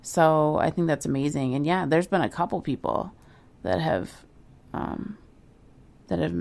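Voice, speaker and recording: A woman's voice: sits low, lively intonation, measured pace, creaky, darkish tone. A woman co-hosting a podcast, chatting casually with lots of filler words. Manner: chatty, full of "like" and "you know". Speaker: podcast co-host.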